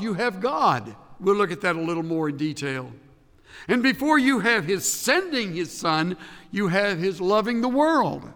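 Male pastor preaching, high voice, long reverb of a big hall, emphatic, voice sinks quiet at the end of phrases. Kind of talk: sermon.

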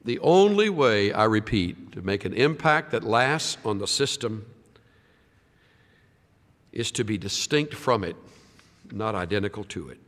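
A man preaching a sermon, swinging from loud, emphatic lines to hushed, quiet ones. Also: on the low side, big pitch swings, measured pace, pauses often, long reverb tail. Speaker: pastor.

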